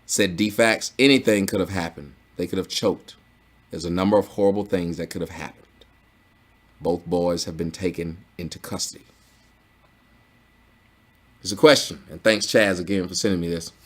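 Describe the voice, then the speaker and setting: A man hosting a commentary video, ranting in a blunt, profane, mocking way that swings from low grumbling to loud exclamations. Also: steady tone, normal speed, long pauses. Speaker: commentary channel host.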